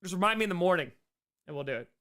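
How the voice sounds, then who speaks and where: Man, streamer host, casual Q&A chat, slightly raised pitch, voice a little worn, upbeat, rambling. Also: expressive, racing, bright, forceful tone. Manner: upbeat, thanks viewers by name, loose and rambling. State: voice a bit worn from talking for hours. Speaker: live-stream host answering chat questions.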